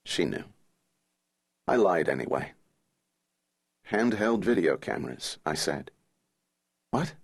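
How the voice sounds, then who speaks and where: A man reading a thriller audiobook in the first person, measured and somber. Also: low-pitched, slightly rough. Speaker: audiobook narrator.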